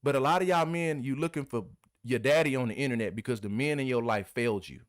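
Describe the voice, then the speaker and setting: A man's voice: medium pitch, quick pace, no room sound, studio quality. A man hosting his own video, giving a heated, repetitive, scolding commentary. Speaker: video host. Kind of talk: impassioned commentary rant.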